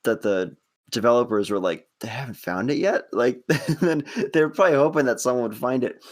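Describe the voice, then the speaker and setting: A man's voice: mid-range voice, a little fast. A man co-hosting a podcast, talking casually and laughing as he goes. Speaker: podcast co-host. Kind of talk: casual chat.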